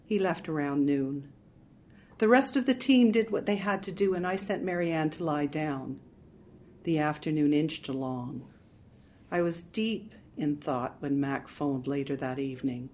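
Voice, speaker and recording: Woman with a lowish voice narrating a story. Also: measured pace, a little mellow, a little hiss or hum. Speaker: audiobook narrator. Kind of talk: first-person audiobook narration.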